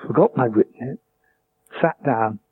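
An older man, a vet and author, telling stories and reading aloud from his memoir in a measured, reflective way. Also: medium pitch. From England. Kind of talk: interview with a book reading. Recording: tinny phone line with faint hum.

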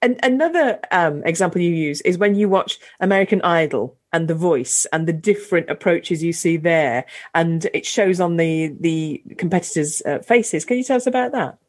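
Hesitant, lowish-voiced woman interviewer. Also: expressive, moderate pace, few pauses, darkish tone. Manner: hesitant, searching for words, with restarts. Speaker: interviewer, host. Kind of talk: conversational interview.

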